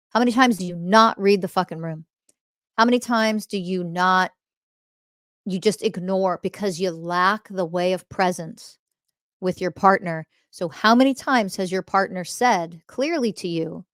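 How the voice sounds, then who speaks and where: A woman spiritual teacher hosting her podcast, confrontational and emphatic, swearing freely and pressing the listener with rhetorical questions. Her voice sits fairly low for a woman, recorded dry and close with no room sound. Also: no room sound. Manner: repeats key phrases for emphasis. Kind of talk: blunt spiritual teaching monologue.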